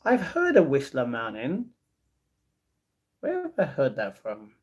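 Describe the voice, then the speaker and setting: This man hosts a relaxed livestream, reading comments from viewers and replying casually. He speaks slowly at medium pitch, with huge swings in intonation, a darkish tone and a breathy edge.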